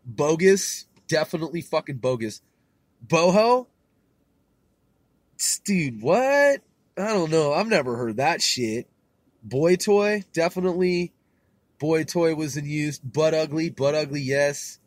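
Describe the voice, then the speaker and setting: Taking his time, a podcast host from California talks in a relaxed, slang-filled, profane monologue punctuated by frequent laughter. His voice is a little high with lively intonation, and there's no room sound.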